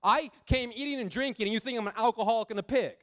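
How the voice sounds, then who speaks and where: A man's voice: extremely high pitch, fast. A man preacher voicing an exasperated male teacher who complains in casual modern speech. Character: exasperated adult male teacher, fed up with the crowd.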